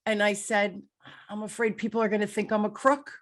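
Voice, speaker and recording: A woman in her sixties from Newark, New Jersey, hosts a relaxed interview at a mid-range pitch. She tells personal stories with energy and acts out the voices of the people she quotes. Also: brisk. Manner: animated storyteller who acts out quoted voices. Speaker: podcast host. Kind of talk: casual conversational interview.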